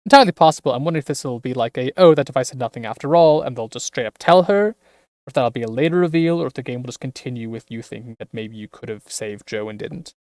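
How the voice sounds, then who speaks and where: A streamer musing through game commentary, thinking aloud and dropping plenty of "like" fillers. The voice sits at an everyday middle pitch, recorded dry and close. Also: animated, quick pace, darkish tone, dry recording.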